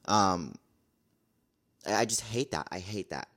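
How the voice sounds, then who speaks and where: A man's voice: on the low side, slow, a bit bright. A young man talking casually to camera in a vlog, blunt and exasperated, repeating his complaints. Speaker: vlogger.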